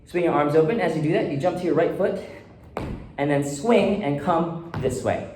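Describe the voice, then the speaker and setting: A man teaching a dance routine, counting out beats and calling steps in a rhythmic, encouraging way. His voice sits a little high, and the room rings with echo. A faint hiss runs underneath. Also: moderate pace, a little mellow. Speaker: dance instructor. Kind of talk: dance choreography tutorial. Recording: echoey room with faint noise.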